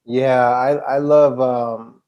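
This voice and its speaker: A man's voice: medium pitch, level tone, drawn-out words, muffled recording. A young man telling stories as a podcast guest in a laid-back, slangy way. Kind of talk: casual conversation.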